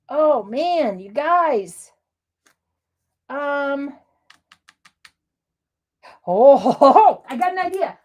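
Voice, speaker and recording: A middle-aged American woman hosting a live crafting demo, bubbly and excitable, laughing often and chatting with viewers. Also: high voice. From United States. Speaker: craft livestream host.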